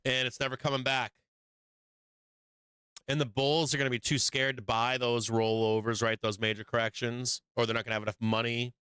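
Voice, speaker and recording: A man's voice: mid-range voice, little pitch movement, a little fast, bright, forceful tone, smooth, no echo. A man hosting a live stock market show, talking bluntly and profanely, hammering points through repetition. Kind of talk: livestream market commentary.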